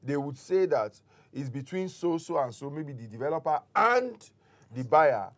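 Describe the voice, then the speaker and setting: A man's voice: fairly high pitch, very animated, moderate pace, fairly bright tone. A man, a real estate expert on a talk show, patiently explaining step by step with examples.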